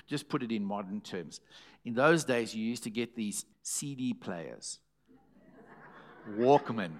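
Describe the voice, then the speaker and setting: A man's voice: mid-range voice, fairly bright tone. A middle-aged man, a pastor telling a story in a sermon, acting out the voices he quotes.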